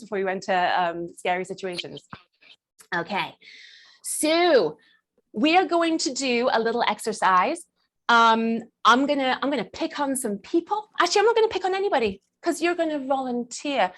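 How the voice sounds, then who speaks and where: A playful, theatrical woman coach leads a lively workshop. Her voice sits a little high. She keeps acting out small characters and laughing between points. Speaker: burlesque performer and confidence coach.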